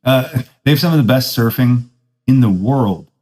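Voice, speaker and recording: A man's voice: mid-range voice, animated, moderate pace, mellow, rough recording. Laid-back surfer-dude man telling stories. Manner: self-deprecating, laughs at his own stories. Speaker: podcast host. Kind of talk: casual storytelling monologue.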